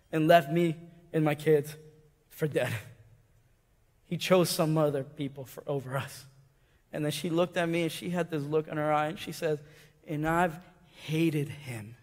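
High-voiced man preaching in an echoing hall. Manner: swings from loud excited storytelling to hushed tender asides. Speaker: pastor. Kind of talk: sermon. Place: church sanctuary.

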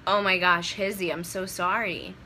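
A woman's voice: lowish voice, normal speed, bright, forceful tone, a little hiss or hum, low-quality recording. A young woman chatting casually on a phone livestream, rambling and giving advice to viewers. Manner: loose, rambling and getting sidetracked. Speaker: livestream host. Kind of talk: casual live-stream chat. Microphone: phone camera.

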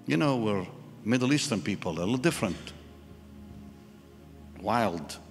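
In a live church hall with reverb and music, a man preaches a sermon, telling a personal story and acting out each person's voice. His voice is lowish and animated, and he takes his time.

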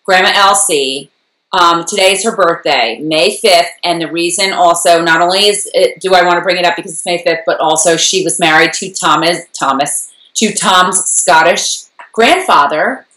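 A woman co-hosting a fan recap show, chatting casually and rambling with a quick laugh. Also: fairly low pitch, sharp tone, reverberant, low-quality recording. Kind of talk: casual chat.

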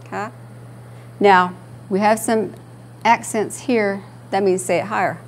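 A woman instructor teaching a language class, slowly repeating each word for her students in a patient manner. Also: mid-range voice, fairly even intonation, a little hiss or hum.

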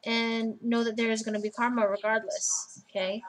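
A woman's voice: on the high side, flat delivery, normal speed, faint music behind, poor audio. Blunt, casual woman reading tarot. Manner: casual, blunt, swears freely. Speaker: tarot reader.

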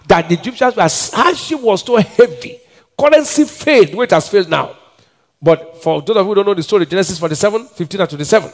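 A male pastor preaching a sermon, quizzing the congregation with call-and-response questions and shouting forceful declarations. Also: high-pitched. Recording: long reverb of a church hall.

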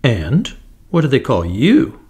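A man's voice: mid-range voice, wildly swooping pitch, slow pace, darkish tone. A man voicing a cautious little six-year-old boy in a storybook reading. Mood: curious, cautious.

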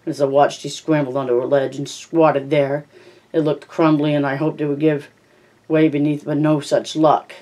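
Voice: mid-range voice, level tone, normal speed, dark tone. Amateur reader narrating a novel with slips. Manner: reads with slips and self-corrections. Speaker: audiobook reader.

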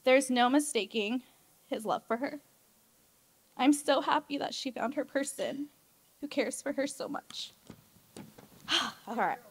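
A young woman speaks as maid of honor at a wedding reception. She talks in a chatty, giggly way and gets emotional as she goes. Her voice sits a bit high for a woman. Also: measured pace, long pauses, husky. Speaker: maid of honor giving a toast. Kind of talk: wedding toast speech.

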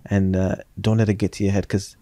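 A man hosting a podcast, asking questions in an even, affirming way with many "you know" fillers. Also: low-pitched, a little fast, no room sound. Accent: British. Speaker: podcast host. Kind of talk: casual podcast interview.

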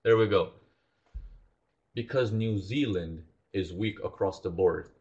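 A lowish male voice teaching a trading lesson, animated, quizzing his listeners and acting out what traders think. The audio is dull and lo-fi. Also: unhurried. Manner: animated, acts out traders' thoughts, asks the audience questions. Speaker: trading instructor.

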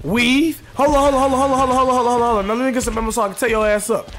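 Man, very high voice, AAVE, excitable gameplay commentary, swearing, game music behind. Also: rapid-fire. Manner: excitable, profane, talks to the game and chat. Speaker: gaming streamer.

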